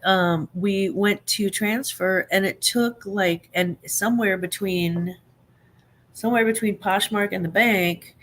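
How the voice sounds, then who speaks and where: A woman in her fifties hosting a live stream, chatting casually and rambling with many fillers and restarts, laughing often between remarks. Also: mid-range voice. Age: 50s.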